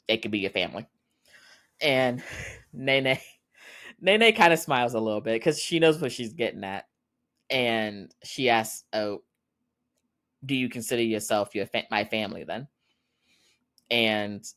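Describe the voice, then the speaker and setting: A woman hosting a podcast, casually recapping a drama episode and retelling its scenes, her voice jumping up when she gets excited. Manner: animated retelling, voices quotes in a lower flat tone, squeals when excited. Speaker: podcast host.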